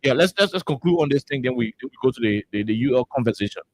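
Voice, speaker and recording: A man's voice: medium pitch, big pitch swings, quick pace, creaky, dry recording, rough recording. A man hosting a live call-in talk show, arguing and repeating words as he presses his point. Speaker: radio talk show host.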